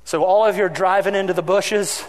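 A man's voice: high-pitched, moderate pace, long reverb tail. A man preaching a sermon as pastor, telling stories animatedly and acting out the voices in them. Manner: animated storytelling, acting out his own shouting.

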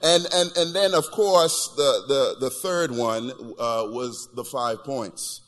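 Bright-voiced preacher in a reverberant hall. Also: male voice, mid-range voice, slow pace. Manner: animated storytelling with repeated restarts. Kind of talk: sermon with personal stories.

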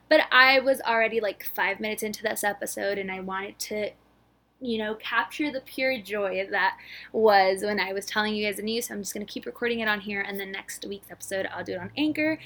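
A woman in her twenties hosting a casual solo podcast, bubbly and rushed, with lots of filler words and a slightly breathless delivery. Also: medium pitch, pushed and bright. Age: 20s. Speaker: podcast host.

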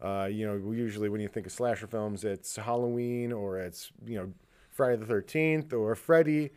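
A man's voice: lowish voice, moderate pace, a little mellow, clean tone. A man hosting a podcast in casual chat, ranting and swearing freely and laughing often. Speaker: podcast host.

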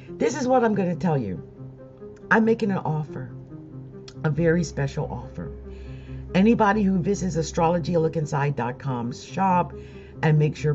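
A woman talks straight to her viewers in a loose, rambling way, breaking into nervous laughs while close to tears. Her voice sits a little low. The recording is dull and lo-fi. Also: darkish tone. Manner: emotional, rambling, laughs between phrases. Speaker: astrology vlogger. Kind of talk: casual monologue to viewers.

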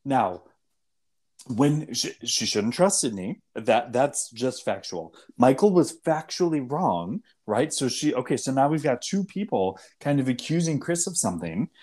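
A man's voice: medium pitch, sing-song, measured pace, darkish tone. A man co-hosting a casual TV recap podcast, arguing his reading of the characters methodically, point by point. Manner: argumentative, lays out points step by step. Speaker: podcast co-host.

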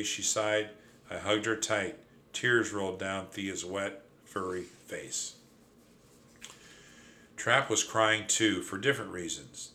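Bright-voiced man narrating a children's story. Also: on the low side, a little slow. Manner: lively, dramatic first-person telling. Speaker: audiobook narrator.

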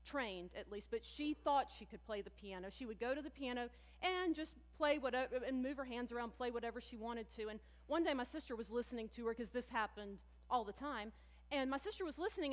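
A woman pastor preaches a sermon in a high, bright voice, speaking fairly quickly and treating her congregation as friends. She leans hard on key words with animated emphasis, and a long hall reverb makes her sound like she fills a large sanctuary.

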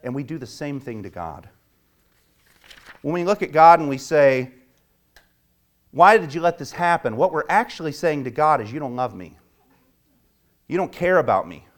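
A man delivers a sermon in a voice that sits a little above the usual male pitch. He preaches with fervor, rising sharply when he acts out quoted complaints and dropping to a hushed murmur when he prays. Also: big pitch swings, moderate pace, long pauses. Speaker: pastor.

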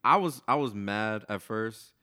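A man co-hosting a podcast in casual chat, enthusiastic and quick to react. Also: on the low side, lively intonation, bright, forceful tone, clear, resonant tone. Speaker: podcast co-host.

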